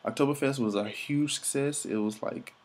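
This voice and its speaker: A man's voice: medium pitch, moderate pace, loud music behind the voice, a loud crowd. A young man telling travel stories in a loose, rambling vlog, full of fillers and swearing. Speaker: vlogger. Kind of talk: casual travel vlog narration.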